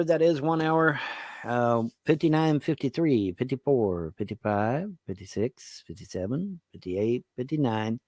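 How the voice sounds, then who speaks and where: A man's voice: medium pitch, animated, measured pace, a little mellow, no room sound, clean studio sound. A man rambling casually to his viewers, swearing and laughing often. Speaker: online video host.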